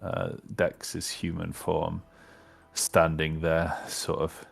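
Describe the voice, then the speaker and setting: A man playing a tabletop game, describing his character's actions in a measured, hesitant way. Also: deep voice, completely flat delivery, vocal fry, breathy edge. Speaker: player.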